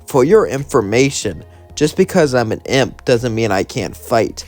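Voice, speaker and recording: A man voicing a sad, earnest young male imp who speaks softly and wistfully. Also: mid-range voice, very animated, measured pace, soft background music. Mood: defiant.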